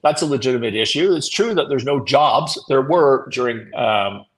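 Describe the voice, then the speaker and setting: A man's voice: mid-range voice, expressive, moderate pace, rough recording. A man hosting a live morning show, giving blunt, opinionated commentary with swearing and self-mocking laughs. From Canada.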